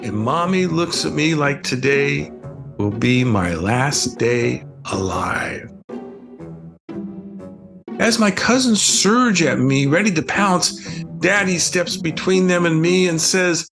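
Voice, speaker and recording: An older man, an author, reading his children's book aloud in a playful, expressive way. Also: on the high side, slow, creaky, over music. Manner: playful, expressive first-person child narration. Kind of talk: storybook reading.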